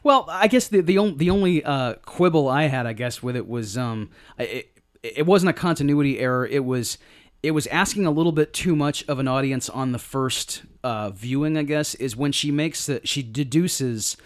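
A man co-hosting a casual movie review podcast, talking in a halting way with many restarts and repeated words. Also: mid-range voice, expressive. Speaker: podcast co-host.

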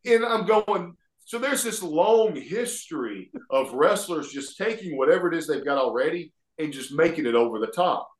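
A middle-aged man with an Alabama Southern accent, a guest telling stories in a folksy, animated way. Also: a little high, moderate pace, few pauses. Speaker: guest, former pro wrestler. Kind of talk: casual storytelling interview. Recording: echoey room.

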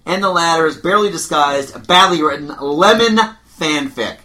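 A man's voice: on the high side, moderate pace, pushed and bright. A man hosting a casual chat podcast, reading out listener opinions in a sardonic, opinionated way. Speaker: podcast host.

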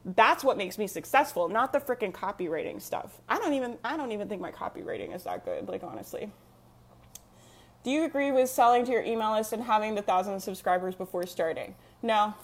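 A woman's voice: mid-range voice, very animated, fairly quick. A young adult woman coaching an online community on a live stream, talking emphatically and repeating herself with frequent laughs. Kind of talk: live stream pep talk.

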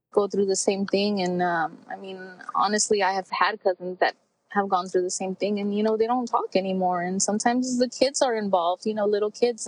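A woman in her forties speaking candidly as an interview guest, heartfelt and reflective, pausing often with fillers. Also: mid-range voice, rough recording. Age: 40s. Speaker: podcast guest.

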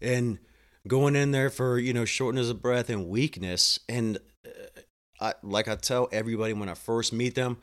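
A man working in home health care telling a work story in a blunt, animated way and acting out the dialogue. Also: medium pitch, normal speed. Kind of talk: casual storytelling monologue.

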